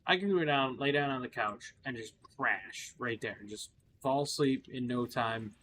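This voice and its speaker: A man talks through his gameplay in a loose, rambling way, often stopping on fillers and starting over. He sounds tired and is yawning. His voice is bright, with a faint hum behind it. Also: mid-range voice, moderate pace. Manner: rambling, chatty, with frequent fillers and restarts. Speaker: gaming channel host. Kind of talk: casual gameplay commentary.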